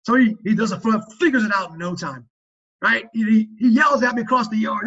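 Heard through lo-fi sound, a man with a high-pitched, husky and fairly bright voice speaks a little fast. He is a father giving parenting advice on a faith-based podcast, earnest about fathering, emphatic and preachy, and he keeps restarting his sentences.

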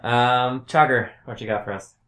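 A man running a tabletop game as game master, relaxed and laughing often, in an echoey room. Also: medium pitch, moderate pace. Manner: relaxed, laughs often, plays guards in plain voice.

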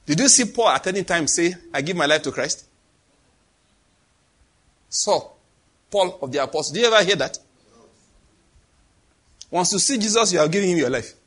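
Animated preacher, husky and high. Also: male voice. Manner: animated, dramatic, acts out voices and sound effects. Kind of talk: sermon.

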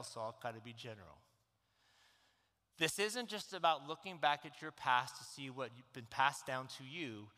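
A man's voice: medium pitch, sharp tone. A middle-aged man preaching a sermon as pastor, telling a personal story in an earnest, openly emotional way. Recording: long hall reverb.

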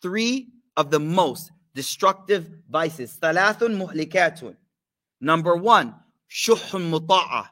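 A man's voice: a little high, a little fast, pushed and bright. A man giving a casual sermon to a live study circle, talking in slang, asking the audience questions and mixing in recited religious phrases. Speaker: teacher leading a study circle.

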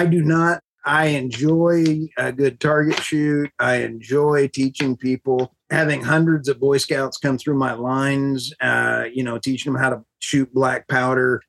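A podcast host, a woman, talking in an excitable, rambling way and getting worked up. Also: rumbling low, vocal fry, a little hiss or hum. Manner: excitable, rambling, laughs often. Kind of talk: casual podcast chat.

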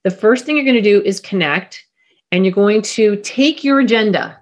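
Animated middle-aged woman explaining parenting. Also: mid-range voice, a little fast. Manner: animated, acts out parent and pilot voices. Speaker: parenting expert guest. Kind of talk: podcast interview, explaining.

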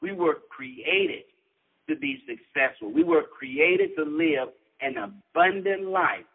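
A man's voice: on the high side, animated, takes it slowly, breathy edge. Earnest man telling his story by phone. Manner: earnest and inspirational, preacher-like cadence. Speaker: author and guest. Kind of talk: storytelling interview, motivational. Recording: tinny phone-line sound.

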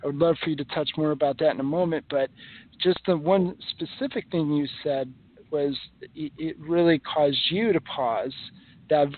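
Earnest forties podcast host, tinny audio. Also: male voice, fairly high pitch, fairly even intonation, moderate pace. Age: 40s. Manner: earnest, questioning, stumbling restarts. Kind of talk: casual chat.

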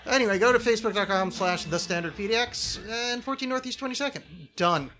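A man's voice: sits high, fast, bright, forceful tone. A man hosting a podcast, chatting loosely and jokily, rambling through an ad read. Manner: jokey, rambling, reads ad reads loosely. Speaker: podcast host. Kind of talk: casual chat.

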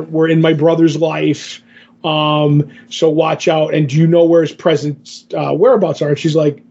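A man's voice: fairly high pitch, vocal fry, a little mellow. A man co-hosting a podcast, casually retelling a comic book story in a rambling way, stringing quotes together with "he's like". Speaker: podcast co-host. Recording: slightly muffled lo-fi audio.

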